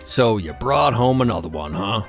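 A man's voice: on the low side, animated, normal speed, gravelly, soft background music. A man voicing a chubby, balding, mean father who mocks his daughter's boyfriend. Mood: sneering. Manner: sneering, mocking.

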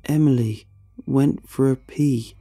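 A man's voice: medium pitch, steady tone, slow pace, gravelly, dark tone, husky, faint music behind, voice pushed up, full character voice. A man voicing an uncanny young man in a horror story, speaking insistently with a dead-faced, repetitive delivery. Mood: insistent flat. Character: young man, uncanny flat-voiced friend.

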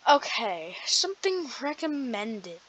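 Slow-talking woman hosting a gaming vlog. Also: fairly high pitch, very animated, a bit bright, rough recording. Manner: rambling and self-deprecating, laughs often. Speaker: gaming video host. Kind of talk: casual gaming vlog chat.

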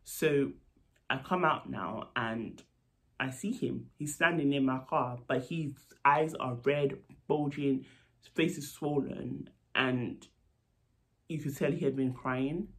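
A man tells a personal story to camera in an animated, chatty way. His voice sits in a middle pitch with a gravelly, creaky edge. He breaks off for quick asides as he retells the events. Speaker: storytelling vlogger; nurse. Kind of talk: casual storytime vlog.

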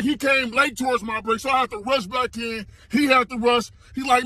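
A distraught man crying and shouting as he rants about being scammed. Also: very high-pitched, fairly even intonation, fast, hardly any pauses, dry recording, low-quality recording. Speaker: scam victim in a viral clip. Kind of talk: emotional self-filmed rant.

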